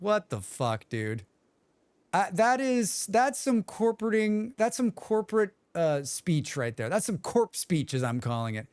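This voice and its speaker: Jokey streamer with a lively, dry voice. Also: male voice, high voice, a little slow, no room sound. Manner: joking, rambling, hums to himself. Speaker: game streamer. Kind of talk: casual livestream chat.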